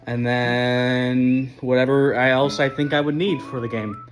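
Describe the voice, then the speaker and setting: A young man giving a casual video diary update, excited and rambling with lots of fillers and restarts. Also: medium pitch, unhurried, soft background music. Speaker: vlogger planning a party.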